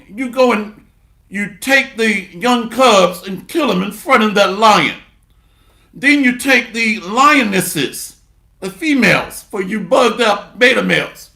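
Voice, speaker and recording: A creaky-voiced man preaches in an echoey room, reading scripture aloud. His sermon is sarcastic and full of repeated refrains, dipping into low muttering before rising to loud bursts.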